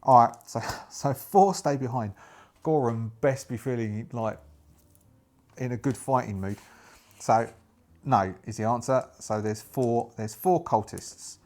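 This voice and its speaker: A man's voice: medium pitch, unhurried, a little mellow. A man, narrating a solo tabletop game and thinking aloud as he works through his dice rolls.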